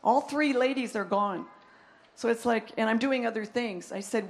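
A woman's voice: mid-range voice, fairly quick, gravelly. A woman telling a personal testimony, animatedly acting out both sides of phone calls. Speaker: church member giving a testimony. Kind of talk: testimony storytelling.

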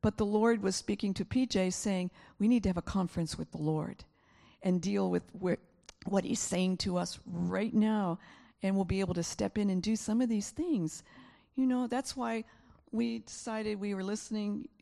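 A woman pastor preaching in church with a gravelly, mellow voice. She tells her stories with earnest feeling and often repeats key phrases for emphasis. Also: mid-range voice, fairly even intonation, moderate pace. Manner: earnest, emotional storytelling with frequent repetitions. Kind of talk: sermon.

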